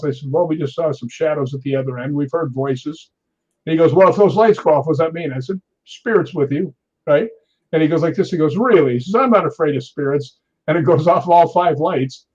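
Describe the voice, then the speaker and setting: The speaker is a stuntman in his sixties with a slightly high voice, heard in a recording with the highs cut off. During this storytelling interview he spins animated tales, plays out the quotes, and laughs often.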